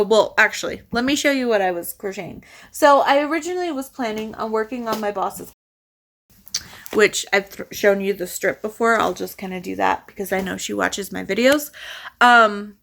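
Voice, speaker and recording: A woman chatting casually to camera in a reading vlog, rambling and excitable with lots of restarts. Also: medium pitch. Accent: Southern US. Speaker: reading vlogger.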